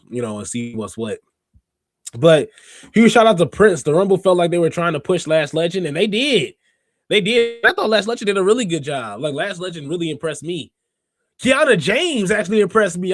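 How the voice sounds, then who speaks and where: A fairly high-voiced man hosting a podcast, chatting casually about wrestling. He talks in an animated, slangy way, looping through fillers and restarts. The sound is dry and close with no room echo. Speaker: podcast host. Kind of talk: casual wrestling recap chat.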